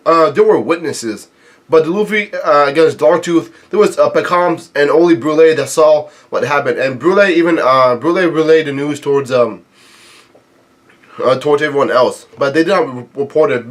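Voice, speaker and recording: A man's voice: on the high side, normal speed. A man reading a comic chapter aloud and commenting casually, often stopping to think and correct himself mid-sentence. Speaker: manga reader reacting to a new chapter. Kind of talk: casual read-along commentary.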